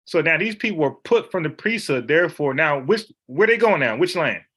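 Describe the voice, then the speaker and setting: A man's voice: fairly high pitch, expressive, moderate pace, a bit bright, slightly rough. A man leading an informal Bible study, talking in an emphatic, slangy, conversational way.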